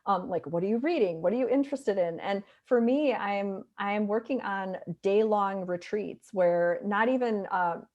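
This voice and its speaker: A middle-aged woman speaks with a Wisconsin accent and a nasal tone, her pitch sitting in the middle range. She talks in a chatty, upbeat way as a guest in a remote interview. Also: normal speed, few pauses, darkish tone, highs cut off. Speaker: guest, physician and author. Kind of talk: casual interview talk.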